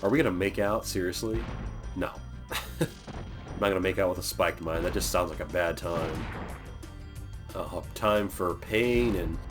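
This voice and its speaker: A man's voice: low voice, fairly even intonation, moderate pace, pauses often. A young man from Florida casually commentating a video game, rambling and joking on tangents. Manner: rambling, jokey, going off on tangents. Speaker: let's play host. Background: game music.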